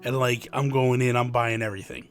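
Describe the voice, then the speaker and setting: A man co-hosting a casual gaming podcast, chatty and excitable, full of fillers. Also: mid-range voice, fairly quick, soft background music. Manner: chatty, excitable, many fillers like "like" and "you know". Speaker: podcast co-host.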